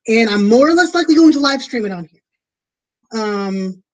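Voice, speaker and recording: A woman's voice: on the high side, lively intonation, moderate pace, darkish tone, low-quality recording. A woman streaming from her home, chatting casually and rambling with lots of fillers as she plans a tabletop game. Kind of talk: casual chat to viewers.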